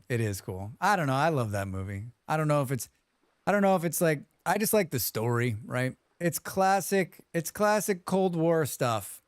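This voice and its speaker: Man hosting a live game stream, chatty, animated voice, smooth dry close sound. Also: medium pitch, no echo. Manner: chatty, reads chat aloud and hums to himself. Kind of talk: live gameplay commentary.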